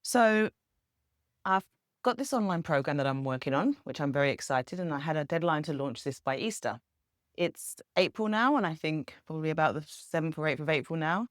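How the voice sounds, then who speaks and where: A woman's voice: low voice, expressive, fairly quick, dry recording, clean studio sound. Chatty upbeat woman vlogger. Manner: upbeat, earnest, chatty with small laughs. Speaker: spiritual vlogger. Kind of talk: casual reflective monologue.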